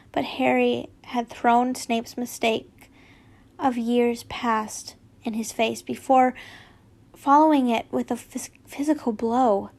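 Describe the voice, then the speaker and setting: Woman reading fanfic out loud, slow and highish, keeps tripping and fixing words. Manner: unpolished, stumbles and corrects herself, chatty asides. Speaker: fanfiction reader.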